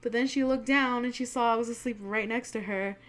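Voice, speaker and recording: A woman's voice: on the high side, fairly quick. Young woman casually telling ghost stories. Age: young adult. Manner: chatty, swears freely, quotes people in lively voices. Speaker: channel host.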